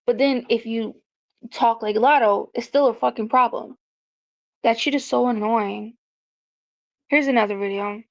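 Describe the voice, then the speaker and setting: A woman's voice: fairly high pitch, fairly even intonation, normal speed, long pauses. A woman from South Carolina, giving opinionated casual commentary as a vlogger. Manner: opinionated, ranting. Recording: dull lo-fi recording.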